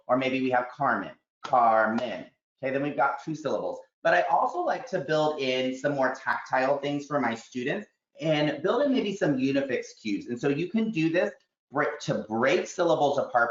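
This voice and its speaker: A man's voice: medium pitch, fairly bright tone. Man explaining teaching steps, echoey. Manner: practical, explains step by step with examples. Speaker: teacher trainer. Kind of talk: webinar teaching walkthrough. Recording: echoey room, slightly dull audio.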